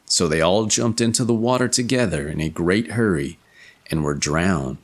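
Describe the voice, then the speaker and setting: A man narrating a fairy tale in an expressive storybook reading. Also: low-pitched, moderate pace.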